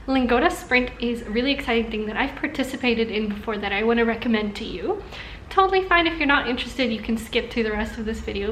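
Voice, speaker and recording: Upbeat young woman vlogging, higher voice. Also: reverberant, slight background noise. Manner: upbeat, chatty, laughs often. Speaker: language-learning YouTuber. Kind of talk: casual talk to camera. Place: room indoors in Singapore during a thunderstorm.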